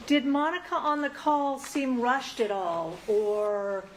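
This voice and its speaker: A woman attorney in a courtroom asking a witness short, measured questions. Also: high voice, slight background noise, poor audio. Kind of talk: courtroom examination.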